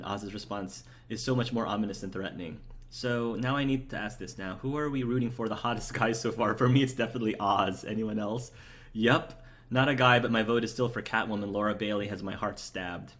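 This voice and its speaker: A man with a somewhat low voice talks his way through a video game. He is chatty and eager, answering his viewers and rambling with fillers as he goes. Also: fairly even intonation, fairly quick. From United States. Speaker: let's play host. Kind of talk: casual gameplay commentary, reading chat aloud.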